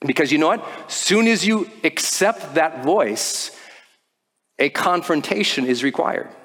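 A man's voice: fairly high pitch, unhurried. A man giving a motivational talk to a live audience, telling a story and acting out the voices in it. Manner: animated storytelling, acts out quoted voices. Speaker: motivational speaker. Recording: long hall reverb.

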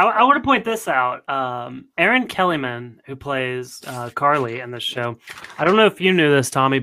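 A man hosting a podcast, keen and talkative as he hands the discussion to his guests. His voice is bright and forceful. The recording is dry and close, with no room sound. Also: a little high, dry recording. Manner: enthusiastic, steers discussion. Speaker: podcast host. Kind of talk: casual panel chat.

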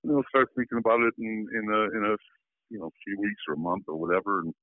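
Deep-voiced older man on a phone line. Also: lively intonation, fast, no room sound. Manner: rambling, many fillers and restarts. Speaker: guest, former football player. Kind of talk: storytelling phone interview.

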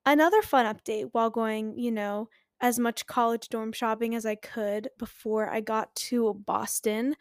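A woman in her twenties hosts a casual solo podcast. She is candid and pokes fun at herself, laughing often. Her voice sits fairly high and sounds dry and close. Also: steady tone, unhurried, no echo. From Philadelphia. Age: 20s. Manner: chatty, candid and self-mocking, laughs often. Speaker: podcast host.

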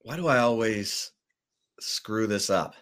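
A man co-hosts a casual sports podcast, reading out breaking news before musing over what it means. His voice sits low and his delivery is slow and unhurried, with easy pauses between thoughts. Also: animated, a bit bright. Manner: unhurried, reads breaking news then muses about it.

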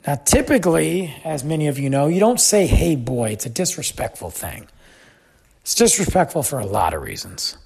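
A man hosting a podcast, telling a travel story in a chatty, animated way. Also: on the high side, moderate pace, creaky, husky. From United States. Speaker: podcast host. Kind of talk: casual storytelling.

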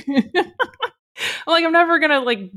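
Woman co-host, casual chat, lively asides, frequent laughter. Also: sits high. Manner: animated, laughs often, quick asides. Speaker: podcast co-host.

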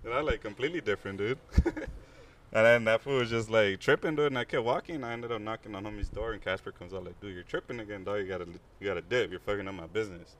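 A man's voice: lowish voice, fast talker. Slangy young man telling a street story. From Los Angeles. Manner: slangy, profane, animated storytelling. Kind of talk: casual storytelling among friends.

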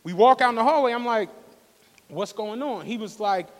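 A man co-hosting a live podcast, telling a profane, animated story and acting out the quotes. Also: very high voice, moderate pace. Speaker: podcast co-host. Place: live stage show in a studio venue. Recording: long hall reverb from a live venue.

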